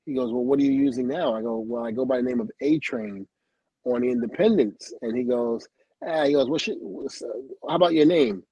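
A man's voice: medium pitch, brisk, husky, no echo, muffled recording. A middle-aged man telling stories from his career as a livestream guest, acting out what others said and laughing often. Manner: lively storyteller who acts out quoted dialogue, laughs often, swears.

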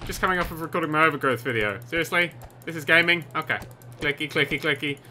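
Excitable bright-voiced gaming commentator man. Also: a little high, very fast, faint music behind. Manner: excitable, sarcastic, swears. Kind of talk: let's play commentary.

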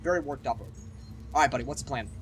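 A young man doing let's play commentary, sarcastic and excitable, swearing freely. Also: medium pitch, rapid-fire, background noise. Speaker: gaming YouTuber. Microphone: webcam setup. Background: game music and sounds.

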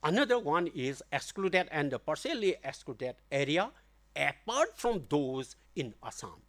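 Slow, animated lecturer. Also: male voice, on the high side. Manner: deliberate, halting, with many fillers and restarts. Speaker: guest lecturer. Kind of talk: academic memorial lecture. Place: lecture hall.

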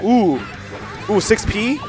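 A young man doing live, joking, profane commentary on a fighting-game match at a tournament, yelling at big plays. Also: high voice, lively intonation, takes it slowly. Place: gaming tournament venue. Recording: live stream with crowd noise and music.

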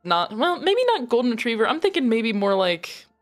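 A woman's voice: fairly high pitch, very animated, normal speed, faint music behind. A woman, the stream's producer and a player, chatting casually and joking around. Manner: playful and joking. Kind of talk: casual chat.

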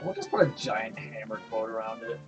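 A man's voice: lowish voice, lively intonation, fairly quick, highs cut off, soft background music. A man hosting a game stream, joking and swearing in casual chat with friends. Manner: joking, profane, mocks accents. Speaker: streamer host. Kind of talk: casual chat while gaming.

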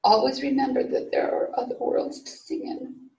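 A woman reading the lines of a kind, soft-spoken woman telephone operator in a story. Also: high-pitched, steady tone, normal speed, voice pushed up. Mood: gentle. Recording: echoey room, voice from far off.

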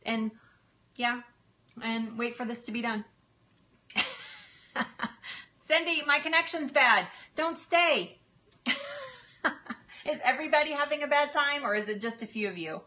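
A woman's voice: high voice, lively intonation, takes it slowly, pauses often, pushed and bright. A middle-aged woman hosting a casual live stream from her home kitchen, chatty and apologetic, laughing often and stalling with fillers. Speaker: livestream cooking host and health coach. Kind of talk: casual live-stream chat while cooking.

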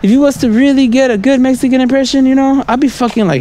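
Rambling high-voiced man on a night walk. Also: quick pace, hardly any pauses, dark tone, slight background noise. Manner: meandering and casual, constantly asking "right?" and "you know?"; chuckles between thoughts. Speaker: vlogger. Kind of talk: rambling stream-of-thought monologue. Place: outdoors on a city street at night.

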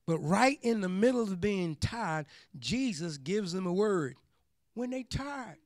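A pastor preaching a sermon, repeating phrases for emphasis and building up to shouts. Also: male voice, high voice, very animated, takes it slowly, long pauses, dry recording, studio quality.

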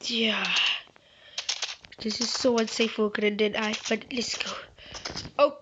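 A woman hosting a gaming channel gives chatty, playful, wandering commentary during play, taking it slowly. Her voice is a little high with little pitch movement, and the audio is a touch muffled with faint hiss.

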